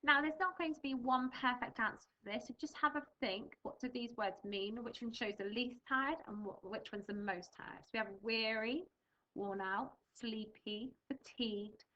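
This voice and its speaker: A young English primary teacher explains clues and vocabulary patiently and reads a picture book aloud with lively expression. Her voice is bright and a touch high. It comes through a dull, lo-fi home recording. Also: normal speed. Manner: clear, patient explaining and expressive storybook reading. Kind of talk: recorded remote reading lesson.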